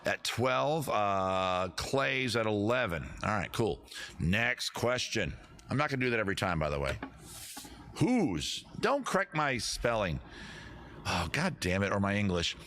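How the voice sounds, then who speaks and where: A man's voice: lowish voice, big pitch swings, a little slow, fairly bright tone, a little hiss or hum. A man hosting a casual livestream quiz, rambling with jokey, self-deprecating asides. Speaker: comedy show host running a quiz.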